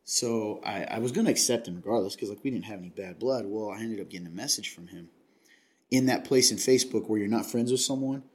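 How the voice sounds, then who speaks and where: A man's voice: fairly low pitch, quick pace, a little mellow. A man from Kentucky hosting a casual chat, earnest and confiding, rambling with many restarts.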